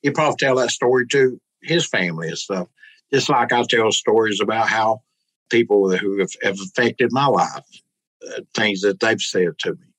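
A man's voice: fairly low pitch, moderate pace, fairly bright tone, poor audio. A man, a pastor telling rambling, folksy stories in a casual interview. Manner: rambling, folksy, quotes others aloud. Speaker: pastor and guest.

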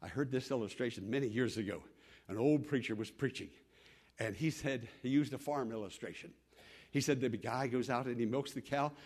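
A man, probably older, preaching a sermon with dramatic repetition and sudden swings between loud and soft. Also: mid-range voice, fairly quick, breathy edge. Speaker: pastor.

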